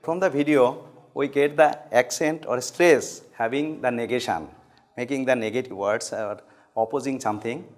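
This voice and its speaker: Brief: male student, mid pitch, careful explanatory delivery. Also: moderate pace.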